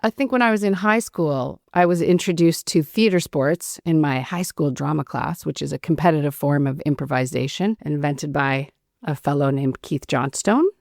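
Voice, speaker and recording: A woman's voice: low voice, normal speed, gravelly, a little mellow, dry recording, clean studio sound. A woman in her fifties from the Canadian prairies, a director-performer chatting as a podcast guest with wry, self-deprecating humor. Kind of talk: casual chat.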